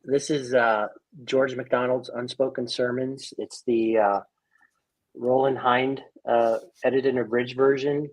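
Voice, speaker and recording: A man's voice: mid-range voice, level tone, a little slow, low-quality recording. A man hosting an online stream, talking casually and enthusiastically with frequent fillers. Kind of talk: casual chat.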